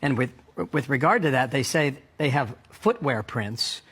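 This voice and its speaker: Male anchor, husky voice, methodical news delivery. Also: medium pitch, animated, a little slow, fairly bright tone. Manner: briefing a co-anchor point by point. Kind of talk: news report.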